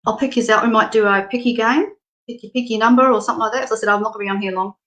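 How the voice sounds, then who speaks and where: A woman's voice: fairly high pitch, fairly even intonation, rapid-fire, a bit bright. A middle-aged Australian woman giving a spiritual reading on a live stream, frank and affectionate, laughing often. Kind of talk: casual live-stream chat.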